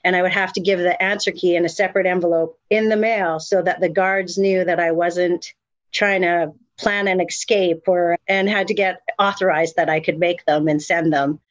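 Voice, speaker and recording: A middle-aged woman telling her story as an interview guest, candid and animated, with many fillers and restarts. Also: fairly low pitch, normal speed, dry recording, muffled recording. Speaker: guest, mother of incarcerated sons. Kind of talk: emotional personal storytelling.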